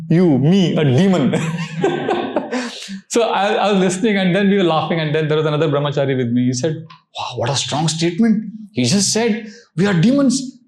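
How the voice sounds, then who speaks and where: A man giving a scripture class, telling stories in an animated way and laughing often. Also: sits high, echoey room. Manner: animated storytelling, laughs often, mixes Hindi phrases. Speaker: spiritual teacher.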